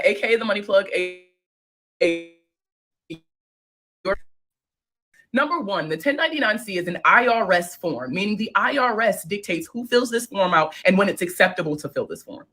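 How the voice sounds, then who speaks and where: A woman's voice: medium pitch, a bit bright. A young woman, a finance creator, reacting to viewer comments in casual talk, blunt and exasperated, swearing and firing off rhetorical questions.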